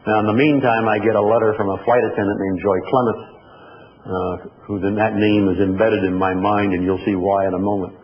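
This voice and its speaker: Speaking a little fast with fairly even intonation, a man with a lowish voice delivers a motivational keynote built on folksy personal anecdotes. Faint noise and a dull, lo-fi quality color the recording, which echoes like a hall.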